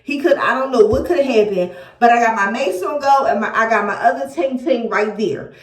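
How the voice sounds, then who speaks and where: A woman from Philadelphia telling a storytime vlog in an animated, profane way, acting out quoted dialogue. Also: a little high, fairly quick, distant mic. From Philadelphia, USA. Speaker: vlogger. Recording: echoey room, voice a bit off-mic.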